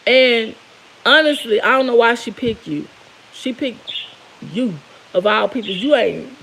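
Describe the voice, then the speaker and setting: Gravelly-voiced woman telling her story. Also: a little high, a little slow, a bit bright, a little hiss or hum, rough recording. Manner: emotional, candid, tearful at moments. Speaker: vlogger. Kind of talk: personal storytelling to viewers.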